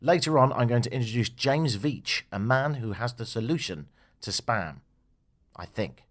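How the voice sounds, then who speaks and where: A man's voice: medium pitch, animated, normal speed. A man hosting a radio talk show, joking and making sarcastic asides.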